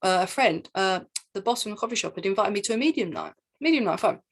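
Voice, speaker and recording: A woman, a spiritual teacher, telling her own story in an excited, rambling monologue full of repeats and asides. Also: medium pitch, quick pace, husky. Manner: excitable, repeats herself, jumps between asides.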